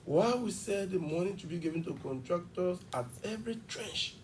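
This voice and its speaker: A man's voice: high-pitched, expressive, far from the mic, slight background noise. A man, an education official explaining at length in a TV interview. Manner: fast, emphatic explaining with examples. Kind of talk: television interview.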